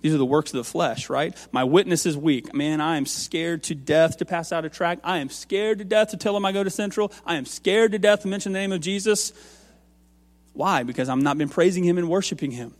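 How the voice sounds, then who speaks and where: A man on a church's music staff, preaching an earnest sermon that moves from quiet asides to raised, emphatic lines. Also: on the high side, a little fast, long reverb tail.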